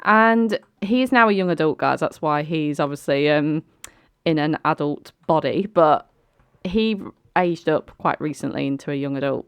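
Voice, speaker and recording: A woman's voice: deep voice, clear, resonant tone, no echo. A young woman hosting a life-sim game let's play, chatting casually with lots of fillers and sudden exclamations. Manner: chatty, filler-heavy, quick to laugh and exclaim. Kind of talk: casual gameplay commentary.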